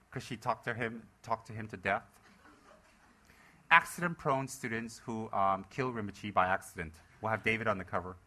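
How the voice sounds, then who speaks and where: A man's voice: fairly low pitch, big pitch swings, a little slow, long pauses, pushed and bright, a little hiss or hum. Man teasing his students in a Dharma talk. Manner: teasing, playful, jokes about his students. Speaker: Buddhist teacher. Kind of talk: joking Dharma talk to a live audience.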